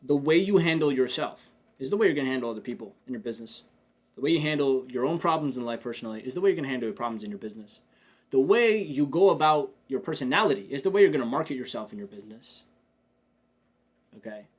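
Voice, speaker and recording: Fast-talking man hosting a business podcast. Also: medium pitch. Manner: energetic, talks to listeners directly with frequent "man" and "check this out"; acts out his own inner dialogue in quoted asides. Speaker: podcast host and business coach. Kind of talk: casual podcast talk.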